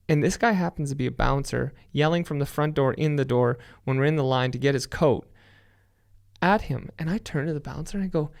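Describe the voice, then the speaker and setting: A young man telling stories as a podcast guest, animated and full of swearing. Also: fairly high pitch, moderate pace, vocal fry. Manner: profane, animated storytelling. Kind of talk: casual chat.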